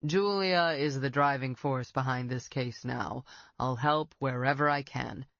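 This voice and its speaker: A woman's voice: rumbling low, unhurried, gravelly, fairly bright tone, dry recording, muffled recording, pitched below the performer's own voice, full character voice. A woman voicing an older retired male detective who speaks bluntly, with wry and stubborn pride, in an audiobook. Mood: gruff.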